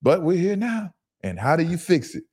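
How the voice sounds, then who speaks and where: A middle-aged man co-hosting a casual sports podcast, talking in an animated, emphatic, slangy way. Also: fairly high pitch, moderate pace, slightly rough. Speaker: podcast co-host, former football player.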